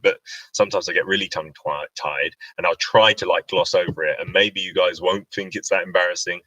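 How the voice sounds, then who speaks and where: A man's voice: low-pitched, sharp tone, no echo, rough recording. A man hosting a casual livestream, chatty and reading out viewer questions. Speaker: radio host. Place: indoor home livestream.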